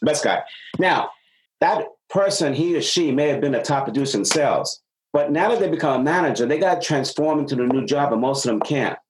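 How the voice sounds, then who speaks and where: A man's voice: a little high, a little fast, a little hiss or hum, low-quality recording. A man working as a business consultant, giving advice in a casual talk and acting out dialogue as he tells stories. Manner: animated storyteller acting out dialogue.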